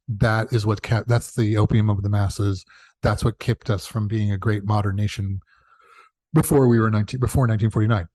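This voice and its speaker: A man being interviewed as a television showrunner, telling chatty, animated stories and acting out the dialogue he quotes. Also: no room sound. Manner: animated, acts out quoted dialogue with big pitch jumps; chatty, self-correcting, laughs at own asides. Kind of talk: casual interview storytelling.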